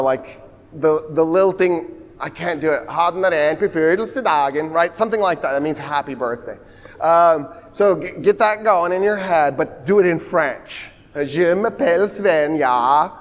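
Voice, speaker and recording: Guy giving a history lecture, jokey and chatty, slightly high voice, big hall echo. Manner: animated, joking, conversational with asides and quick impressions. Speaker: university lecturer. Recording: reverberant hall sound.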